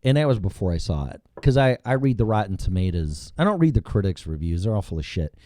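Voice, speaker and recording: A man's voice: lowish voice, very animated, fast, mellow, no echo, clean studio sound. Blunt, rambling male talk host. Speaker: morning show host. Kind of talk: casual chat.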